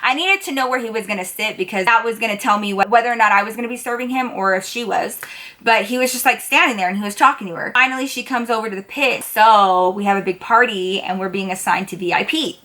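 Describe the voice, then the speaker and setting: A young woman telling a story to her viewers in a chatty, expressive way, full of slangy asides. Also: medium pitch, fast. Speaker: storytime vlogger. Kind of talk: casual storytelling to camera.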